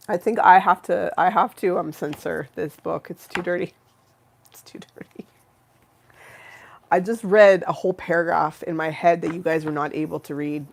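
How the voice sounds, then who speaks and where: A woman's voice: fairly low pitch, creaky. A woman hosting a casual livestream, chatting in a giggly, rambling way and breaking off her own sentences. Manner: giggly, rambling, self-interrupting. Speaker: livestream host. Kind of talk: casual chat.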